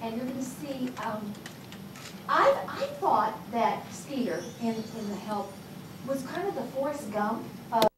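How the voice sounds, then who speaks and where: A woman's voice: a little high, lively intonation, measured pace. A Texas-raised woman in her sixties, a college instructor who gives an informal, rambling public lecture and talks straight to her audience. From Texas, USA. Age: 60s. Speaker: college instructor giving a talk. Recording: echoey room, distant mic, background noise.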